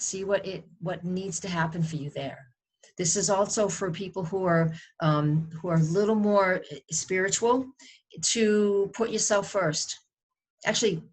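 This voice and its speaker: A low-pitched woman with a New England accent talks straight to camera as an astrologer, giving her weekly forecast. She speaks conversationally and rambles, often stopping to restart a sentence. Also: breathy edge.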